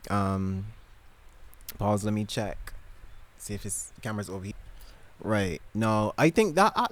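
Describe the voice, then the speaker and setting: A man vlogging casually from his bedroom, gushing and emotional, rambling with lots of fillers and restarts. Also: on the low side. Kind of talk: casual chat to camera.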